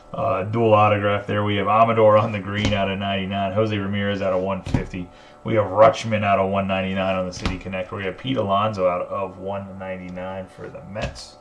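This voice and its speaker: A man's voice: lowish voice, muffled recording, slight background noise. A man hosting a live card break, casually rattling off card names and serial numbers.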